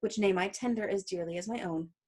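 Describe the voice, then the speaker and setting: A gentle, conciliatory young Romeo, read aloud by a woman in a soft, mid-pitched voice. The lines are read quietly and plainly, as a casual read-through. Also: a little fast, lightly acted.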